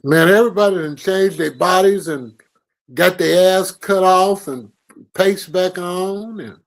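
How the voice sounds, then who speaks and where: A high-pitched man, co-hosting a morning talk show. He talks loud and profane and needles his co-host. His voice sits well above the usual male range. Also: unhurried, gravelly, rough recording. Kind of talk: casual banter.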